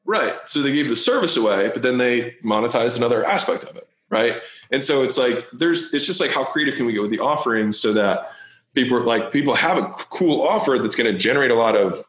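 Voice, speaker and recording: A man talking bluntly and quickly in a casual interview over a video call, peppering his talk with "like" and "right?". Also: medium pitch, expressive, fairly bright tone. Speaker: business guest being interviewed. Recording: echoey video call audio.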